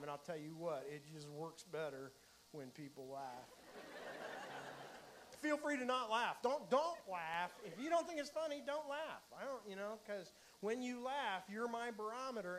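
A middle-aged man doing a stand-up comedy set, with animated, mock-excited storytelling to a live audience. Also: high voice, slight background noise.

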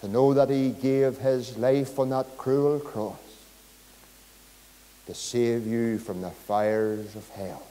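A man's voice: mid-range voice, steady tone, takes it slowly, dark tone. A male pastor with a Northern Irish accent preaching a sermon, telling a story and pleading with his listeners. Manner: storytelling, builds to fervent pleading. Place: church. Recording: long hall reverb.

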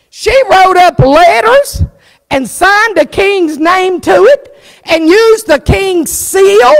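Woman pastor, fervent storyteller, lively high voice, gravelly edges, long church reverb. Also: takes it slowly. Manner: fervent storytelling preacher who acts out the story's characters. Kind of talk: sermon.

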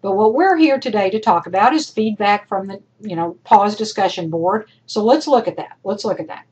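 A woman college instructor recording feedback for her class, emphatic and encouraging, talking straight to her students, her voice worn and going hoarse. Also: medium pitch, normal speed, darkish tone, highs cut off.

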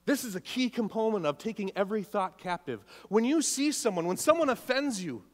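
A man's voice: high voice, very animated, a little fast. A man preaching a sermon as pastor in a church, emphatic, repeating key phrases and putting questions to the congregation. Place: church sanctuary. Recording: long church reverb.

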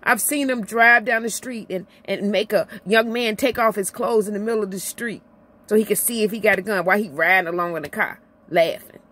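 A middle-aged woman from Illinois vlogging an impassioned personal rant, emotional and near tears, her voice swinging from high to low as she repeats herself. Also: a little fast, a bit bright.

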